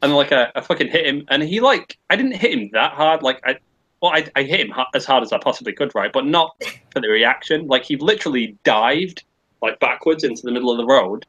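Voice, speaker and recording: This co-host's medium-pitched, sharp-toned voice moves briskly with lively intonation through a long, casual story. He curses a lot and keeps restarting sentences, and the audio sounds dull.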